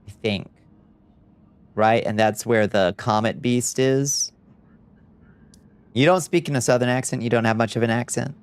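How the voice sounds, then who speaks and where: A man's voice: mid-range voice, a little slow, pauses often, clean tone. A young man streaming a video game live, chatting casually, answering chat and laughing easily. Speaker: VTuber streamer. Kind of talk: live-stream gameplay commentary.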